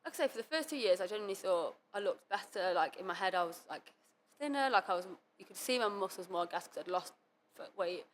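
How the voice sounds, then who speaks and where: A young adult woman, a competitive cheerleader, guests on a podcast and candidly tells her story in quick, run-on sentences packed with "like" and quoted self-talk. Her mid-range voice is expressive, with a little hiss or hum in the audio.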